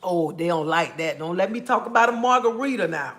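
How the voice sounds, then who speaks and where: On a live stream, an adult woman who is a mother rants casually in a blunt, sassy way, calling viewers honey and baby and ending her points with "okay?" Her voice sits fairly low, with lively intonation and a brisk pace.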